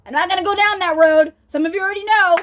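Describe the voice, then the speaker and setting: Middle-aged woman, very high pitch, earnest and emphatic, direct personal faith talk. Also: fairly even intonation, quick pace, a bit bright. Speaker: healing ministry speaker.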